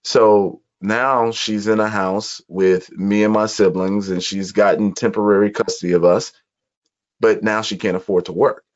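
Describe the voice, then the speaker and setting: A man from Chicago speaks as a guest in a conversation, with an earnest, reflective manner and measured pauses. His voice sits on the low side. The recording is dull and somewhat muffled. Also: little pitch movement. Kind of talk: personal storytelling in conversation.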